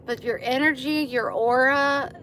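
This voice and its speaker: With a high, slightly bright voice, a steady tone and a measured pace, a woman chats meanderingly to her viewers while vlogging outdoors on her phone. It's a rambling livestream, and street noise with passing vehicles sits behind her.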